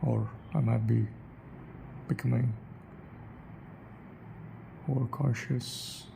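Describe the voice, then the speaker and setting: A man's voice: medium pitch, steady tone, takes it slowly, creaky, background noise. A man rambling in a solo vlog monologue, asking himself questions and correcting his own word choices. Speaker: vlogger.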